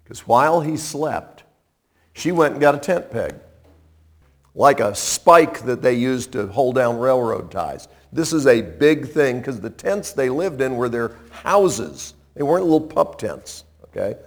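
Slow, animated male preacher. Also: medium pitch. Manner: animated, conversational, dramatic shifts in loudness. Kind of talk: sermon storytelling.

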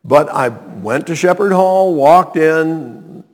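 An older man telling a personal story to a live audience, animated, with sudden emphatic exclamations and wry asides. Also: fairly high pitch, slow pace. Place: hall with a seated audience. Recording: long hall reverb, live room.

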